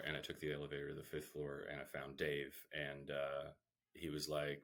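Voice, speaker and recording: A male comedian, a guest on a podcast, telling a long self-deprecating story with lively swings and the odd curse word. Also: rumbling low, normal speed. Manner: animated, self-deprecating storyteller who swears.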